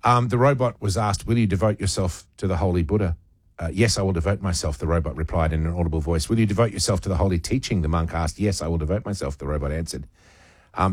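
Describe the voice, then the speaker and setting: A wry man on breakfast radio, talking in a lowish voice close to a studio mic. He reads a news item aloud and breaks off for playful asides. The sound is dry, with no room around it. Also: no echo. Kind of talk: casual on-air banter and reading a news story. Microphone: studio microphone.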